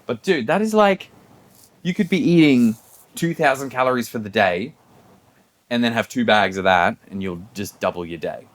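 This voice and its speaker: A man's voice: medium pitch, normal speed. Man telling a story. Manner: storytelling, acts out quoted people, laughs often. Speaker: podcast co-host. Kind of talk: casual chat.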